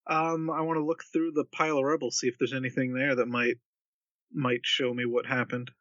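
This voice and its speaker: A man's voice: medium pitch, level tone, a little fast, fairly bright tone, no room sound, lo-fi sound. A man playing a tabletop game in casual, rambling speech that stumbles over words. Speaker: player.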